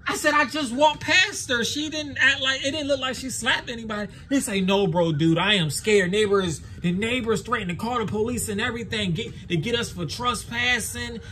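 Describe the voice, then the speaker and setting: Guy, high bright voice, laughing thru a crazy story, bit of hiss behind. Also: normal speed, hardly any pauses. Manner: excitable, laughs often, acts out quotes. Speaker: lawn care vlogger. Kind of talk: animated storytelling.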